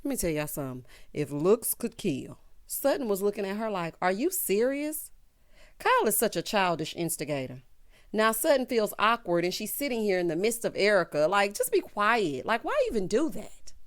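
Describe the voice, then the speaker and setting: Woman vlogger, sassy and sarcastic; casual gossip-recap delivery with mocking impressions; mid-range pitch. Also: sing-song, a little fast. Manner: sassy, sarcastic, mimics cast members in exaggerated voices.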